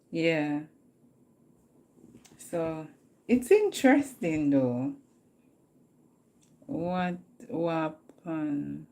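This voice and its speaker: A woman's voice: on the low side, a little mellow. A woman with a Jamaican accent chatting casually with viewers on a live stream, talkative and laughing often. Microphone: phone.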